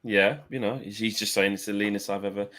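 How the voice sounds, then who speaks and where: A man's voice: on the low side, fairly even intonation, fast, fairly bright tone. A man co-hosting a casual fan podcast, bantering and reading messages aloud.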